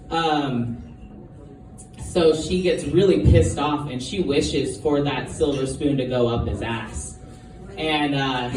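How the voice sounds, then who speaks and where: A man doing his first stand-up set, telling a long joke with hesitant ums and rambling asides. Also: fairly high pitch. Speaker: amateur stand-up comedian. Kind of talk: first-time stand-up storytelling. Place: live comedy show venue. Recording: echoey room from far off, noisy.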